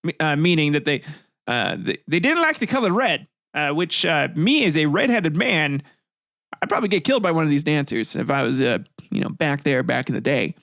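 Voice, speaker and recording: A man hosts a comedic history podcast, reading old passages aloud and breaking into rambling, profane asides. He laughs often and his voice sits a bit high for a man. The sound is close and dry. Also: sing-song, a little fast, vocal fry, fairly bright tone, no echo. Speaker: podcast host.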